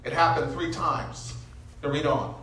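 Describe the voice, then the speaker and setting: A man preaching with a bright, forceful edge, stopping to teach and then rising into impassioned near-shouting. He works the room with call-and-response. The recording is echoey and picked up from a distance. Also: on the high side, steady tone, a little slow, slight background noise. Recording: echoey room, mic from far off.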